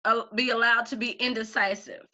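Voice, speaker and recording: A woman with a bright, fairly high voice, talking casually as a guest and acting out quotes as she tells stories. The recording sounds a little dull and lo-fi. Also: brisk. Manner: animated storyteller, acts out quotes. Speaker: interview guest, craft teacher. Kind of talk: casual conversation.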